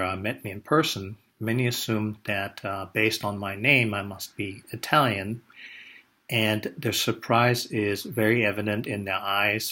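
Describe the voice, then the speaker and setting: An older man born in Indonesia, telling a personal story in a measured way, pausing often with "uh". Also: on the low side, bright, forceful tone. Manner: measured, with frequent "uh" pauses.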